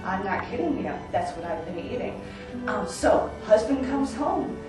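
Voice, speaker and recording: A young woman telling an improvised comic story on a small stage, lively and getting excited as she acts out her own lines. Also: mid-range voice, normal speed, over music. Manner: animated, builds to excited yelling when quoting herself. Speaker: storyteller performer. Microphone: far room recording from the audience. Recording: echoey theater recorded from far off.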